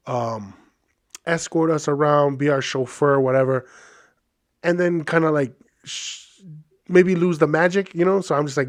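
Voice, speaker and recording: Chatty man telling a story. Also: mid-range voice. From Hawaii. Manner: chatty, animated, many fillers and asides. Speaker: podcast host. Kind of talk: casual storytelling.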